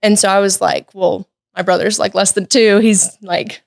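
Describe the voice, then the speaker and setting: Teen woman guest, lively casual storyteller, filler-heavy, dry studio sound. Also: mid-range voice, normal speed, gravelly, no room sound. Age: late teens. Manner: lively, chatty, many "like" and "um" fillers. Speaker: podcast guest. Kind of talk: personal storytelling. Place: podcast studio.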